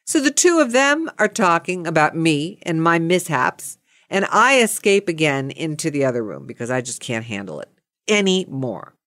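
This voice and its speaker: A woman's voice: sits low, big pitch swings, moderate pace, fairly bright tone, no echo, clean studio sound. A woman telling a comic everyday story in a casual, exasperated, self-mocking way.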